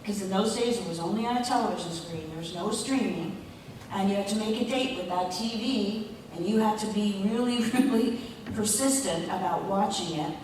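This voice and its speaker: A woman voice actor speaking on a convention panel, reflective and halting, with pauses and fillers. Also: mid-range voice, noisy background. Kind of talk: panel talk. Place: large convention hall. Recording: echoey hall, mic far off.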